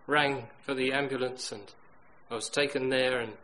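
A middle-aged man preaching a sermon, telling stories that swing from loud emphatic bursts to hushed quiet lines. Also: mid-range voice, fairly even intonation, moderate pace, poor audio.

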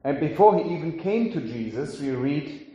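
A man preaching, reading scripture aloud and then giving a sermon in a slow, solemn way. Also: a little high, big pitch swings, dark tone. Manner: slow, solemn delivery with drawn-out phrases. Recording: very echoey hall.

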